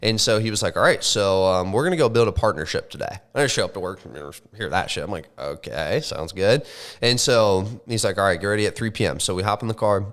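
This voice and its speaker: Young man, lowish voice, loose swearing podcast storyteller, animated. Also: quick pace, hardly any pauses. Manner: animated, swears often, says like and bro. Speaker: podcast co-host. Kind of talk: casual storytelling chat.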